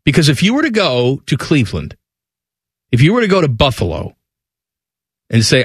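A man's voice: wildly swooping pitch, normal speed, long pauses, slightly rough, no echo, studio quality. A man hosting a casual sports radio show, reading ad copy with mock enthusiasm and joking with his co-host. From Central Ohio. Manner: reads ad copy with mock enthusiasm, mocks timid locals in a high whiny voice.

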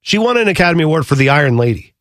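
A man co-hosting a casual chat show, rambling and animated, often jumping higher when flustered. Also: rapid-fire, dry recording, clean studio sound. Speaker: podcast co-host.

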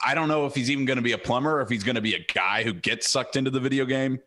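A man's voice: medium pitch, very fast, pushed and bright. A man co-hosting a podcast, chatting casually in an opinionated way and drifting into tangents. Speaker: podcast co-host. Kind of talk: casual chat.

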